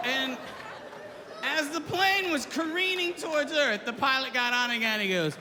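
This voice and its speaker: High-voiced man doing a stand-up set. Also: normal speed, bright, forceful tone, a faint crowd. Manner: erratic, yelping outbursts. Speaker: stand-up comedian. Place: comedy stage before a live audience. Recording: live hall with audience noise.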